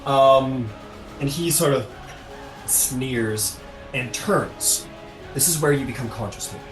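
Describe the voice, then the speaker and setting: A man's voice: mid-range voice, slow pace, distant mic. A man narrating a tabletop game as game master, rambling with many fillers. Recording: echoey room, music behind.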